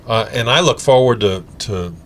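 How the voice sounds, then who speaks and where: A man's voice: medium pitch, normal speed. A man from Colorado hosting a local TV interview show, asking friendly, chatty, leading questions. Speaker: TV show host.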